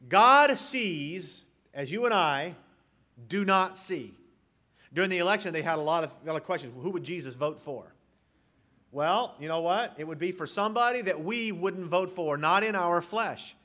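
A man's voice: on the high side, sharp tone. A man preaching an expository sermon, reading scripture aloud and speaking directly to his congregation. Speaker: pastor.

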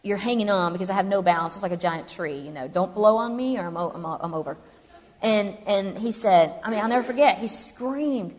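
Woman, humorous testimony speaker, mid pitch, reverberant hall. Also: brisk. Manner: chatty, humorous, animated storytelling. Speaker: speaker telling her story. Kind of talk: personal testimony to a live audience.

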